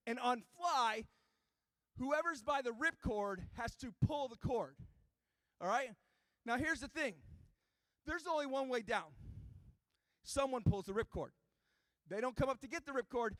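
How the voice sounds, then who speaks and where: Man, high voice, dry close sound, youth ministry talk, animated storytelling, questions to the kids. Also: dry recording. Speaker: youth pastor. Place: church youth room before a live audience.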